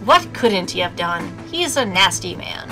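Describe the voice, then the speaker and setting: A woman's voice: fairly low pitch, sing-song, unhurried. Female streamer reading a story game aloud; wry commentary, music underneath. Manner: snarky asides between narration. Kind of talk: reading a visual novel aloud.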